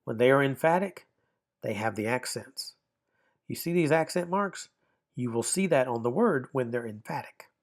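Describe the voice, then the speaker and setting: A man's voice: mid-range voice, expressive, moderate pace. A man teaching a recorded online grammar lesson, explaining step by step and often repeating or rephrasing himself.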